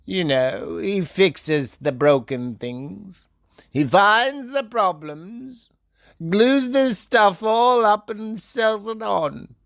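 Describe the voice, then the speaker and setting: A man telling a story as a theatrical monologue, swinging between a bright sing-song voice and low sneering tones and calling out to imagined listeners by name. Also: drawn-out words, creaky.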